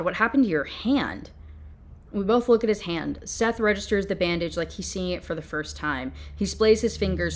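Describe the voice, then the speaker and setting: A young woman talks through a novel she is reviewing, reading bits aloud and then cutting in with exasperated commentary. She sounds animated and fed up. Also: medium pitch. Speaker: book reviewer. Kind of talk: ranting book review with read-aloud passages.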